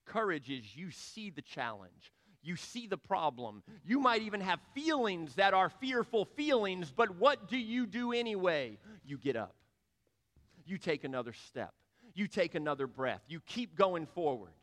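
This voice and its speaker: A man's voice: high-pitched, sing-song, unhurried, fairly bright tone. A male pastor preaching a sermon in an emphatic, repetitive cadence. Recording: long reverb of a large hall.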